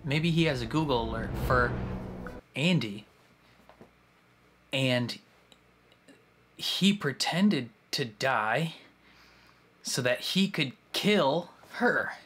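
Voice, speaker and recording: Lively, unhurried film reactor. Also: medium pitch, soft background music. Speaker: movie reaction host. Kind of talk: casual reaction commentary. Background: film soundtrack playing faintly.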